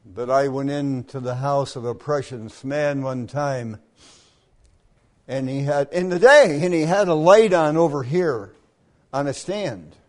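An older man preaching a camp meeting sermon in a folksy storytelling manner, often clearing his throat. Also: mid-range voice, measured pace, a little mellow.

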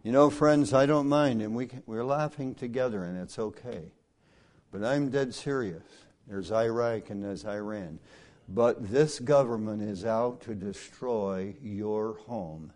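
A middle-aged male preacher delivering a sermon through folksy personal stories, swinging from hushed asides to loud, emphatic lines. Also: on the low side, unhurried.

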